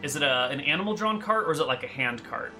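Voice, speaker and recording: A man's voice: on the high side, animated, fast, bright, forceful tone, soft background music. A man narrating a tabletop game as game master in a casual, rambling way with many fillers.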